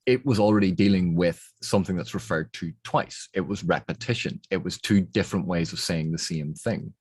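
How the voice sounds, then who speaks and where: Deep-voiced man explaining text edits. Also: darkish tone, slightly rough, no echo. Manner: methodical, thinking aloud with restarts. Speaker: book reviewer. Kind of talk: analytical explanation of editing.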